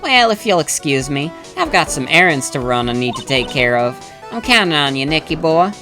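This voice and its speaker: A man's voice: on the high side, very animated, normal speed, music in the background. Man doing a coy Southern-accented wife, syrupy and teasing. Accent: put-on Southern US. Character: sugary flirty wife, sweet-talking.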